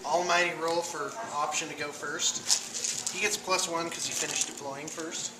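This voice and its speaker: A man's voice: fairly high pitch, fairly even intonation, measured pace. Chatty man filming a game in a noisy store. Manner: chatty, rambling, self-deprecating. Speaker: host filming a tabletop battle report. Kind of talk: casual running commentary. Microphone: handheld video camera. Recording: camera mic with clear background noise.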